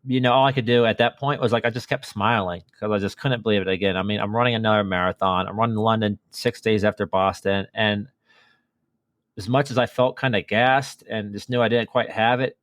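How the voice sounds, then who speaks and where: A man's voice: on the low side, steady tone, a little fast, a bit bright, dry recording, clean studio sound. A man chatting casually as a podcast guest, telling a running story with lots of fillers and restarts. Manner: enthusiastic storytelling with many fillers. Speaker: podcast guest, marathon runner. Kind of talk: casual chat.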